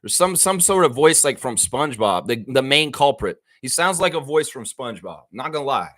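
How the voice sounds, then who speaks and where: A man with a Southern US accent hosting a live-stream, ranting in a heated, profane, animated way. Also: medium pitch, moderate pace. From American South. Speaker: show host. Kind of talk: casual live-stream commentary.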